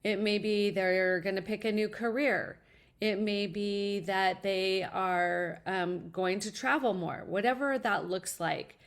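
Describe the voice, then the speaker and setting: A woman's voice: medium pitch, fairly even intonation, slow. Upbeat, earnest middle-aged woman. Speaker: guest, college advisor. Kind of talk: interview answer, personal storytelling.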